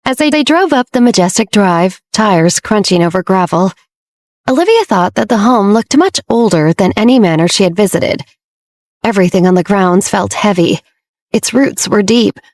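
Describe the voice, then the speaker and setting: A woman narrating a romance audiobook in a steady, measured storytelling manner, recorded close to the mic. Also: medium pitch, dry recording. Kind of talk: scripted narration.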